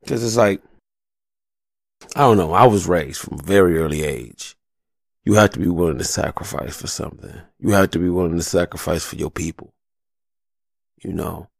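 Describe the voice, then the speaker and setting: An agitated man rants alone on a studio mic, profane and rambling. His voice sits low with a gravelly fry. The sound is close and dry, with no room around it. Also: moderate pace, long pauses, no room sound. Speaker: solo commentator. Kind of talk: casual heated rant. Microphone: studio mic with a pop filter.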